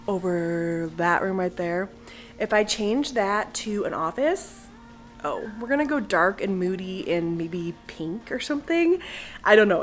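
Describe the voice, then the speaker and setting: A woman in her thirties chatting casually and rambling upbeat about painting her living room, speaking to a camera mic in her home. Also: medium pitch. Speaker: home renovation vlogger. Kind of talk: casual vlog chat.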